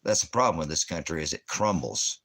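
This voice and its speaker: An American veteran and former police officer rants angrily in a bass voice, talking fairly quickly with lively intonation and a fairly bright tone. His heated monologue is packed with constant profanity.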